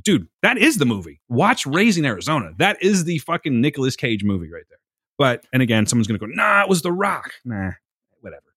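A man's voice: mid-range voice, very animated, quick pace, fairly bright tone, breathy edge, no room sound, studio quality. A man co-hosting a podcast in casual banter, profane and teasing, laughing often. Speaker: podcast co-host.

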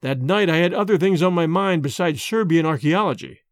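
A man narrating a story in an expressive, measured way, as an audiobook reading. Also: a little high, no room sound, studio quality.

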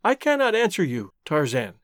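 A man's voice: a little high, wildly swooping pitch, moderate pace, no echo. A man reading an audiobook, voicing an earnest, emotional young woman in a raised, pleading tone. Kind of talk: audiobook character voice.

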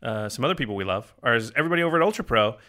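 Bright-voiced joking podcast co-host. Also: male voice, medium pitch, animated. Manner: jokey, quick bursts of talk. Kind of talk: casual chat. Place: studio or room with camera.

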